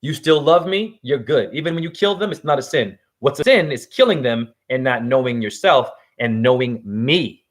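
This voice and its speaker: A man voicing a calm, commanding male god who speaks in slow, low, hushed pronouncements. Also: natural voice. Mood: solemn.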